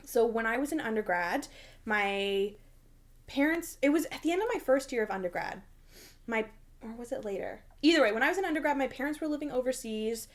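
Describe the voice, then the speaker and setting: A woman's voice: a little high, fairly quick. A woman in her thirties, co-hosting a casual chat and telling a story, acting out the voices in it. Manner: animated storyteller acting out quotes. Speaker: podcast co-host.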